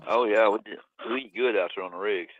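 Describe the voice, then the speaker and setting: Male host, quick and bright-toned, relaxed chat on a live video call, lots of short replies. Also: on the low side, no echo, dull audio. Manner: laid-back, short agreeing replies. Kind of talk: casual chat.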